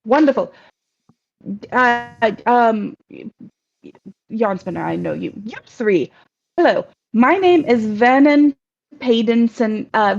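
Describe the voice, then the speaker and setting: A woman's voice: a little high, darkish tone. A woman voicing a chatty, formal male spider messenger who talks in a fussy, rambling way in a tabletop game. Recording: dull lo-fi recording.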